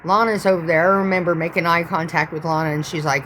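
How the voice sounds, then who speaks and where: A woman's voice: sits low, fairly even intonation, fast, noisy background. Profane rambling woman telling a story. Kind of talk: storytime vlog.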